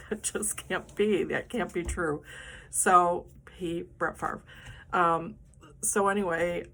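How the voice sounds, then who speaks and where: A middle-aged woman, the host, telling a personal story in a casual, animated and dramatic way. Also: lowish voice.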